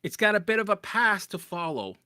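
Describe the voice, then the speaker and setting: A man coaching people through recovery in a blunt, profane, animated casual talk. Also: sits high, brisk, smooth, no room sound, clean studio sound. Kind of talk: casual motivational talk to camera.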